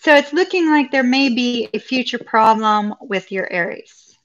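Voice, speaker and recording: A chatty woman reads tarot cards live for her viewers. She gushes, repeats her praise and breaks into laughter, her voice sitting a little high. The sound is dull and lo-fi. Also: animated, normal speed. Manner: effusive, upbeat, chatty with frequent laughs. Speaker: tarot reader. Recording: dull lo-fi recording.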